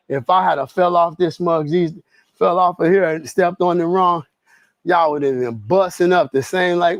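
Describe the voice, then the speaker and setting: A man's voice: a little high, dry recording. A man on a treadmill livestreaming, telling stories in loose slang and laughing easily. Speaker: streamer. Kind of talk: casual livestream chat. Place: home garage gym on a treadmill.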